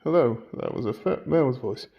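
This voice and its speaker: A paranormal investigator narrates a ghost-hunting vlog from an old abbey room at night, calling out to spirits in a hushed, tense voice. His pitch is medium, his intonation lively, and his pace brisk, with some vocal fry. The recording sounds muffled and carries heavy background noise.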